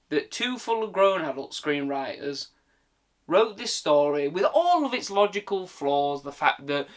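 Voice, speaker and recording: A man's voice: fairly high pitch, moderate pace, a bit bright. A British man giving a casual, exasperated film rant, full of swearing and filler words. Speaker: film reviewer. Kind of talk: casual ranting commentary.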